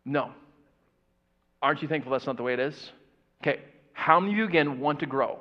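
A man preaching a sermon to a church audience, animated and engaging, asking them questions and putting on the voices of doubters. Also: a little high, a little fast, in a large hall. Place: church sanctuary. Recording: dull, muffled church audio recording.

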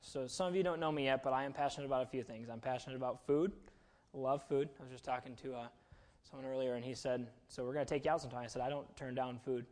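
A man's voice: mid-range voice, fairly even intonation, fast, a little mellow. A young man giving a casual, chatty sermon, self-deprecating and full of fillers. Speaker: preacher.

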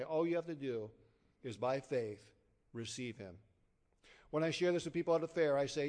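A man preaching an evangelistic sermon, emphatic and storytelling, swinging from loud declarations to hushed low endings.

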